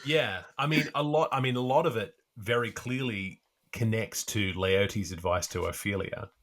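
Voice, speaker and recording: A man co-hosting a podcast, talking through a book in a thoughtful, halting way with plenty of pauses. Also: fairly low pitch, fairly bright tone. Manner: thoughtful, halting, many fillers. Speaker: podcast co-host. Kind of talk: casual literary discussion.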